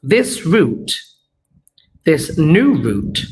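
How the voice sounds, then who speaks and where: A man's voice: on the high side, big pitch swings, extremely slow, poor audio. A young man teaching an exam revision lesson, playful and jokey, walking through answers and checking that his students follow along. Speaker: chemistry teacher.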